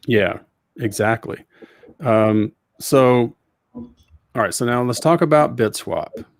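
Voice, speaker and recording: A man's voice: medium pitch, slow pace, no room sound, clean studio sound. A middle-aged man from Georgia with a Southern accent, hosting a casual podcast interview in a rambling, folksy way full of fillers. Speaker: podcast host.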